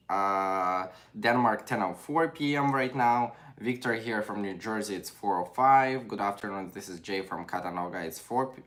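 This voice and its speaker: A young man with a Ukrainian accent hosts a relaxed livestream, reading viewer greetings aloud. His voice sits low, and his phrasing is loose and non-native. He keeps up a steady stream of casual chat. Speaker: livestream host.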